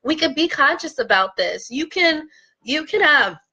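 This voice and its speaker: A woman's voice: high voice, animated, measured pace, sharp tone, highs cut off. A woman real estate investor coaching her viewers in an earnest, impassioned talk, at times close to tears. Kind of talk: heartfelt direct-to-camera talk.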